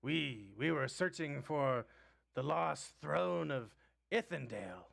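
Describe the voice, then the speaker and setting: A man's voice: a little high, lively intonation, takes it slowly, gravelly, fairly bright tone, exaggerated voice. A man voicing a male half-elf trapped in a pit, earnest and urgent.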